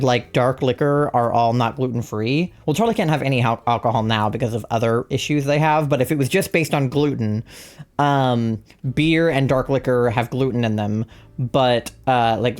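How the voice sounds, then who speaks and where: A woman's voice: a bass voice, darkish tone. A woman streaming a game live, chatting casually and rambling as she reads out chat messages. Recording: faint music behind.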